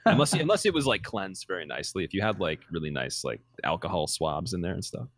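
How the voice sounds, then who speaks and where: A man with a low voice chats fast and playfully with the others during a stream. He jokes freely and keeps a quick pace. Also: very animated. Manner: joking, quick-talking. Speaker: streamer racing in the match. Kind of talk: casual banter.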